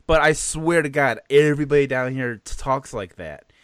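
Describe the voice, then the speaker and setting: Man with a chicago accent, late thirties, mid pitch, dry close sound, rambling casual chat. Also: normal speed, smooth, no room sound. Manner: rambling, self-interrupting, laughs often. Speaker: podcast co-host.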